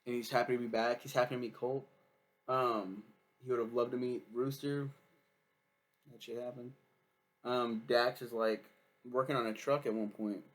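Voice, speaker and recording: A man talks through a TV series in an unscripted review. He rambles and swears freely, piling up fillers as he goes. His voice sits at an ordinary middle pitch. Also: steady tone, moderate pace. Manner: rambling, profane, lots of fillers. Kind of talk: casual review chat.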